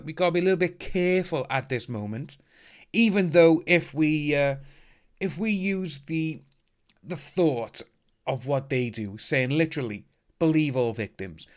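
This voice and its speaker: A man hosting a casual livestream, chatting upbeat and thanking viewers by name as he reads the chat. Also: on the high side. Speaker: livestream host reading chat. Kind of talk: casual live stream chat.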